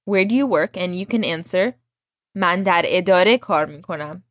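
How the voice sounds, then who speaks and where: A woman's voice: lowish voice, fast, no room sound, clean studio sound. A woman teaching a language lesson, patiently explaining words and drilling phrases with her student.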